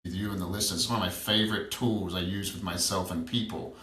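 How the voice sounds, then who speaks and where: A low-voiced man in his thirties speaks candidly as a podcast guest, sharing stories and pressing questions again and again. He sits back from the mic, and the room rings around him. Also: steady tone, fast talker, sharp tone. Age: 30s. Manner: reflective, storytelling, repeats questions for emphasis. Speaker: transformational coach, guest. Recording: roomy, distant from the mic.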